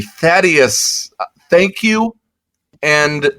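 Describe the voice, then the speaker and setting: A man hosting a podcast, making a rambling, halting announcement in casual chat. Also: mid-range voice, animated, sharp tone. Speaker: podcast host.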